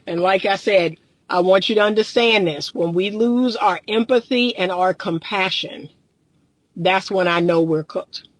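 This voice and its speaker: A woman's voice: mid-range voice, a little slow, dry recording, rough recording. Woman, relationship coach, earnest and emphatic, repeats herself for emphasis, talks right to viewers, dry close sound. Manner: addresses viewers as "y'all". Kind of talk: direct-to-camera monologue.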